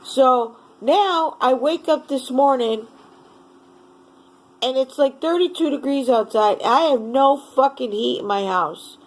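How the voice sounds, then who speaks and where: High-pitched woman ranting on camera; slow, seething, heavy profanity. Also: poor audio. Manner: furious, profane, swears constantly. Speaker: vlogger. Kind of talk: angry rant to camera.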